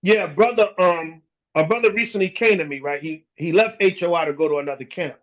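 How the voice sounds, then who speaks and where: A man's voice: sits high, fairly quick. A man preaching a casual, slangy scripture lesson, blunt and emphatic, talking straight to his listeners. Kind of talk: casual street-style sermon. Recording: dull lo-fi recording.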